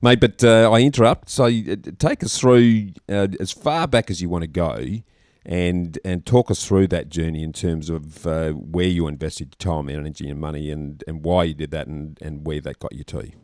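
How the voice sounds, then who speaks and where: Very deep Australian host, says mate. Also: male voice, fairly even intonation, moderate pace, a little mellow, no room sound, studio quality. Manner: matey, says "mate" often. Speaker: podcast host. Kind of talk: casual interview chat.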